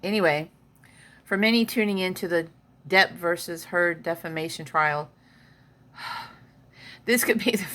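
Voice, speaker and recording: A woman's voice: lowish voice, pushed and bright. A woman vlogging from home in a chatty way, reading an article aloud and adding her own comments. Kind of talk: casual chat.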